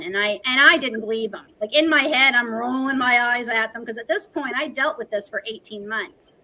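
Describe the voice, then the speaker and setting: A woman's voice: on the high side, normal speed, hardly any pauses, pushed and bright, rough recording. A woman in her forties, a livestream guest, telling a personal story in an earnest, emotional, talkative way.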